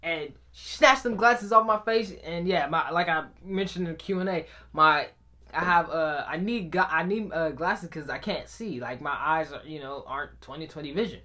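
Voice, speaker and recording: A man's voice: a little high, moderate pace, bright, forceful tone. A young man telling a personal story to his viewers. He talks casually and animatedly, calling out to the audience often. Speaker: vlogger.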